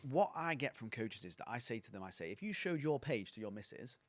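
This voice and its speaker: A man's voice: medium pitch, sing-song, brisk, no room sound. A man, a coaching mentor, giving blunt, sweary, sarcastic advice as a guest on a casual podcast.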